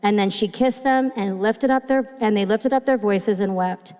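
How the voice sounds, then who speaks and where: A woman pastor giving a sermon in a church, reading scripture slowly and retelling it, sounding nervous and restarting phrases. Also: medium pitch, darkish tone. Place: church sanctuary. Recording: long hall reverb.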